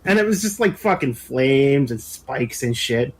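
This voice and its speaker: A man's voice: medium pitch, lively intonation, unhurried, crowd noise. A man in casual podcast chat, animatedly telling a story, laughing often and swearing a lot. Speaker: podcast co-host.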